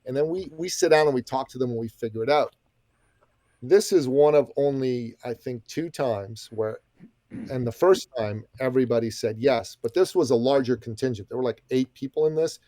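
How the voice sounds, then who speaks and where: A man's voice: mid-range voice, moderate pace, mellow, no room sound, studio quality. A middle-aged man guesting on a podcast, telling a story with energy, emphasis and folksy asides. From Iranian background. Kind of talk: animated storytelling.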